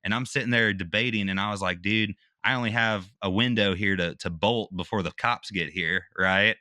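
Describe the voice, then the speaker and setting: Bright-voiced man telling a story. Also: fairly low pitch, normal speed, dry recording. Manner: animated retelling, acts out quotes, slangy with "dude" and "bro". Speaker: podcast guest, veteran. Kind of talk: casual storytelling.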